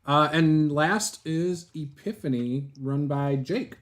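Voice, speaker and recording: A man with a fairly high voice runs a tabletop game. He introduces each player in an easygoing, joking way. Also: takes it slowly. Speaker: game master.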